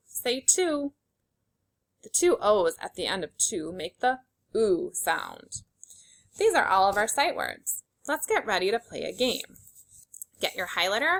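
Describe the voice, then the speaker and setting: Slow, bright-voiced woman teaching phonics. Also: a little high. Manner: slow, clearly sounding out each letter sound; encouraging and upbeat. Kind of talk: phonics lesson for young children.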